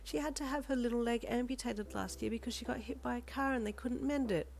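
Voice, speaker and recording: A gentle, motherly shop lady with a raised, soft voice that comforts and soothes, as a woman reader puts her on. She sounds caring and tender, speaking quietly in an audio story. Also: high voice, animated, brisk, voice pushed up. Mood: warm.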